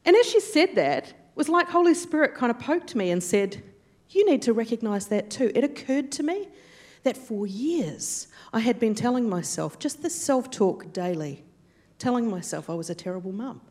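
A woman's voice: a little high, normal speed. A woman preaching a sermon, telling stories animatedly and acting out the quotes. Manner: storytelling, animated, acts out quotes.

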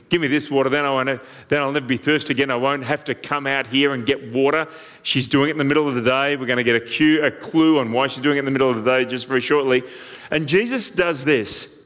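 A male pastor preaches with lively storytelling and slips into the voices of the people in his stories. His voice sits a little high for a man. The sound carries a long reverb, as in a large hall. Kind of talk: sermon.

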